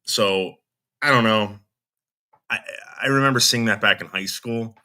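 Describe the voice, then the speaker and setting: A man's voice: on the low side, a little slow, bright, forceful tone. A man giving blunt, scornful commentary on a clip and addressing its subject directly. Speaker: commentary streamer reacting to a clip. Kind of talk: reaction commentary.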